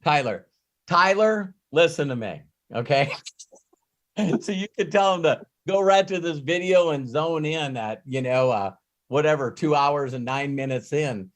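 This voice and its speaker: Middle-aged male coach, lively anecdotal delivery, a touch high-pitched. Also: a little slow. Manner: animated storyteller who laughs and acts out quotes. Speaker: host and business coach. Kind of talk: live coaching call.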